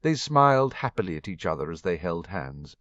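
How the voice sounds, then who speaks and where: A man with a low voice narrates a story, his pitch swinging widely as he reads. The recording is dry and a little muffled and dull. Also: a little fast, no room sound. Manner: expressive storytelling, voices every character. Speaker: audiobook narrator. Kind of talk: reading fan fiction aloud.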